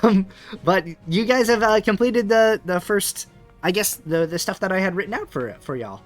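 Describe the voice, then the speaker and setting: A man's voice: high voice, lively intonation, normal speed, faint music behind. A man narrating a tabletop game as game master, rambling with many fillers. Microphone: webcam setup.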